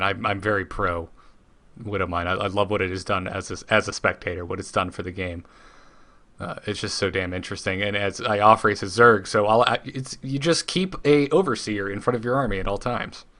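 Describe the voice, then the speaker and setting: A man hosting a casual podcast, talking with enthusiasm and quick jokes. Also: lowish voice, a bit bright. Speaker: podcast host.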